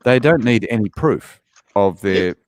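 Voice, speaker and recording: A man chatting casually, complaining in a halting way with many fillers. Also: fairly low pitch, lively intonation, darkish tone, no room sound. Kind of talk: casual chat.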